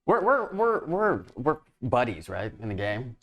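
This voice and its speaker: A man's voice: medium pitch, unhurried. A man, a player in a tabletop game, chatting casually and laughing often. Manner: laughing, animated. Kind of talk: casual chat.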